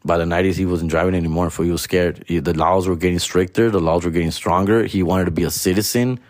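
A man's voice: deep voice, steady tone, fast, no echo, clean studio sound. Profane man telling stories. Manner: profane, mixes Spanish and English slang. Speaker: comedian telling a story. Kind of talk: casual storytelling monologue.

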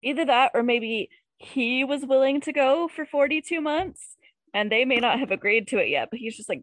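Brief: woman, playful podcast co-host, laughs easily, slightly high voice, dry close mic. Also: animated, normal speed, dry recording. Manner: giggly, playful, joking. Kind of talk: casual chat.

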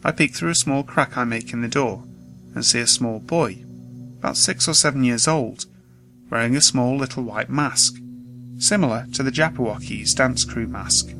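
A man reading a scripted first-person horror story in a steady, measured way, with faint music behind. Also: mid-range voice, vocal fry, low-quality recording.

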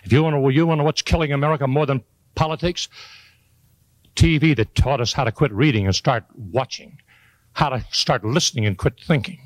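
A man's voice: medium pitch, a little fast, dry recording, poor audio. Folksy older man preaching motivation. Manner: folksy, joking, emphatic preaching delivery. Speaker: motivational speaker. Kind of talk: motivational speech to a live audience.

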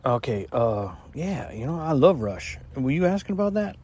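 A man's voice: mid-range voice, big pitch swings, normal speed, darkish tone, a little hiss or hum. A man delivering a rambling, stammering comic monologue as a regular caller, losing his train of thought.

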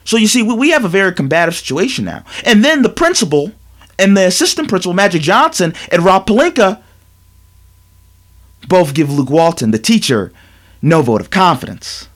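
A male sports talk host with a high voice that swings widely in pitch. He lectures emphatically, hammering his points with repetition. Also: very animated, moderate pace, fairly bright tone. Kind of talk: animated sports commentary monologue.

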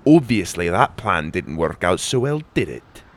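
A man voicing a wicked bearded swordsman who taunts and sneers, pitched below his own voice. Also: sing-song, normal speed, dry recording. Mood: sneering. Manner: taunting, smug.

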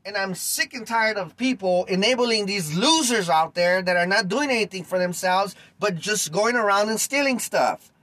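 High-voiced man ranting on a podcast. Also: lively intonation, moderate pace, few pauses, sharp tone, no echo, low-quality recording. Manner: heated, blunt, slangy, speaks directly to listeners. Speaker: podcast host.

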